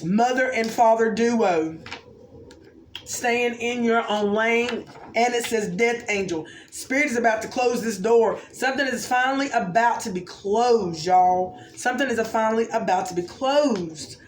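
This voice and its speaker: With a measured pace and a somewhat high voice, a woman offers viewers an intuitive oracle card reading. She thinks out loud, exclaims now and then, and often asks "okay?" The recording has roomy echo and a faint background hum of noise.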